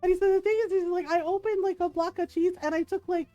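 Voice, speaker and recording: A woman streamer chats to her viewers in a high, bright voice, giggling and acting out the people in her story. The close microphone sounds dry and intimate, and faint music plays underneath. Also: fast talker, hardly any pauses, dry recording. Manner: animated, giggly, acts out quoted voices. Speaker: livestream gamer. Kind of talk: casual storytelling to chat.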